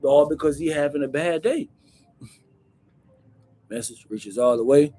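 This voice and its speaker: A man hosting a casual live Q&A, talking bluntly in street slang and calling the viewer bro, with loud bursts when he acts out stories. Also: a little high, a little slow. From Jamaica. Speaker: host answering viewer questions.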